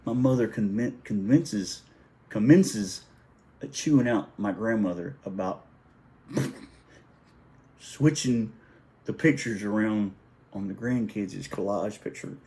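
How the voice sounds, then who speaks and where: A man's voice: fairly low pitch, slow pace, long pauses, warm tone. A middle-aged man telling a family story in a casual, rambling way, often correcting himself and chuckling as he goes. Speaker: vlogger.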